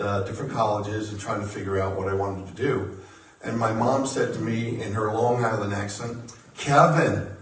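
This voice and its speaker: Man, volunteer bookseller, jokey, cheerful, echoey hall, noisy background. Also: fairly low pitch. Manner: jokey, self-deprecating, cheerful. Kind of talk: informal church announcement. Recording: echoey hall from far off, clear background noise.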